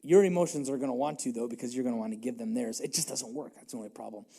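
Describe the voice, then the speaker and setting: A man's voice: medium pitch, rapid-fire, creaky, dark tone, slightly rough. A male pastor giving a conversational, self-deprecating sermon in a church, hammering home short repeated catchphrases. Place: church sanctuary.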